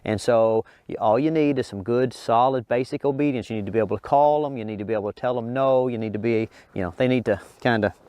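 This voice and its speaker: A middle-aged man, a dog trainer, explains to viewers and coaxes a big dog over an agility course with high, excited praise. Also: quick pace, hardly any pauses, clear, resonant tone, dry recording. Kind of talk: instructional talk while coaching a dog.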